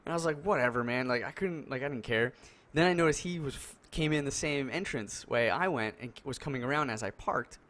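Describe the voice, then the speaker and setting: A man's voice: mid-range voice, a little fast. A man on a podcast call, chatting casually and telling a story with lots of fillers and acted-out quotes. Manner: animated storyteller, acts out quotes, many fillers. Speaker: podcast co-host. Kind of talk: casual chat over a call. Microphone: headset or desk mic on a video call.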